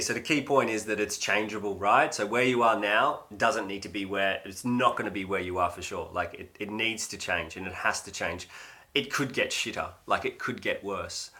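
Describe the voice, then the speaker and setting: An Australian man in his thirties hosts a casual livestream, talking to viewers in a rambling, filler-heavy way. His voice sits low but has a bright, forceful edge. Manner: rambling and chatty, with many fillers. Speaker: livestream host.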